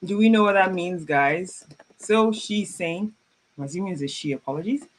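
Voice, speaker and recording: A French teacher running a live online class, reading students' chat messages aloud, praising them warmly and slowing down to repeat French phrases. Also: mid-range voice. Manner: encouraging, slows down to spell out French phrases; chatty and informal, laughs often.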